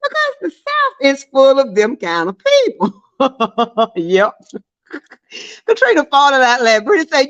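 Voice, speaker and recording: A woman's voice: high-pitched, big pitch swings, measured pace, long pauses, fairly bright tone. A woman chatting casually on a live stream, laughing and reading viewer comments aloud, on dull lo-fi audio.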